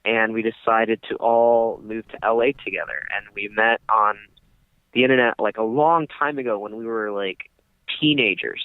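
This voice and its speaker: A man's voice: lowish voice, steady tone, moderate pace, no room sound. A young man co-hosting a podcast, telling a long story in casual chat, full of fillers and restarts. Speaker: podcast co-host. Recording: dry, tinny phone-like sound.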